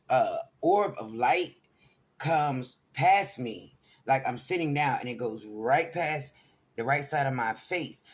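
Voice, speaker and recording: A man's voice: on the high side, fairly bright tone. A middle-aged man telling a personal story to camera in a casual, rambling way, often checking in with his listeners. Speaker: vlogger.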